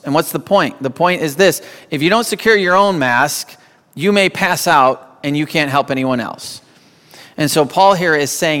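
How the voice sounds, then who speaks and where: A man's voice: a little high, moderate pace, a bit bright. A man preaching a sermon as a pastor, emphatic and repeating phrases for weight. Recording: long hall reverb.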